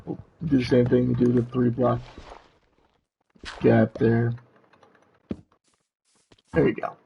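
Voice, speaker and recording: A man streaming live with a demon robot voice changer on his voice, sounding deeply gravelly and slow. He chats easily to his viewers and narrates what he builds. The audio is dull and lo-fi, with the mic set back from his face. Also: a little hiss or hum. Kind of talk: live gameplay commentary. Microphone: mic pulled back from face.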